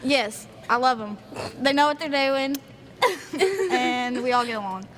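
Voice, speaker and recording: Giggly teenage girl, high and slow. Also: animated, a loud crowd. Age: teens. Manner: giggly, shy. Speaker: high school basketball player. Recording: noisy background.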